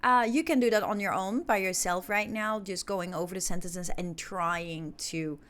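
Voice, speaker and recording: A woman's voice: medium pitch, moderate pace, a bit bright. Woman teaching an English lesson. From Indonesia. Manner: instructive, explains step by step. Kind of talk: recorded online lesson.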